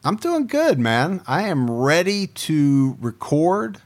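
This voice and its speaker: A man's voice: fairly high pitch, very animated, slow pace. A man from Ohio co-hosting a casual podcast, upbeat and teasing in banter with his partner. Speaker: podcast co-host.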